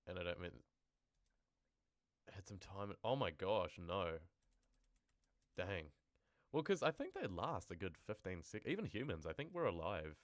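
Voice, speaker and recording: A man with a very deep, low voice reads horror stories on a live stream. He drifts into casual, rambling chat with viewers between passages. The mic is close and dry, with no room sound. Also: no room sound. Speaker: horror story narrator and streamer.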